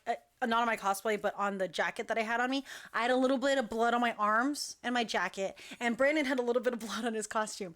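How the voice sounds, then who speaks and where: A woman who directs a dance crew, telling an animated, chatty story full of "like" fillers. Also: high voice. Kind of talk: casual storytelling.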